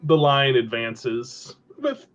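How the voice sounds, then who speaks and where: A man's voice: medium pitch, sing-song, slow, soft background music. Male game master narrating a tabletop game; descriptive delivery, mid voice, muffled audio. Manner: descriptive, with fillers. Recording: slightly dull lo-fi audio.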